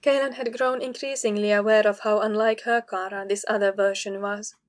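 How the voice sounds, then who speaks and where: A woman reading a fantasy novel aloud as narrator, in a measured, even storytelling manner. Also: mid-range voice. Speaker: audiobook narrator. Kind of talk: scripted narration.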